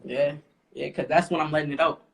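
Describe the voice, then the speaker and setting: A young man, a rapper guest, talking casually and haltingly with lots of fillers. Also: fairly high pitch, steady tone, creaky. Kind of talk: casual interview talk. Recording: faint background noise.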